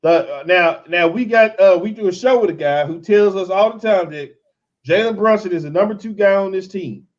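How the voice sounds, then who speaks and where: A man hosting a casual fan show, commenting on game highlights in an animated, exasperated, joking way. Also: brisk, highs cut off.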